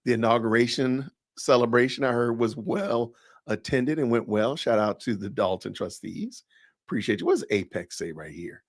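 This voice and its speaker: A podcast host with a Southern US accent talks casually on a livestream, chatty and rambling, often doubling back to correct himself. His voice is medium in pitch at a normal speed, in a dry recording with clean studio sound.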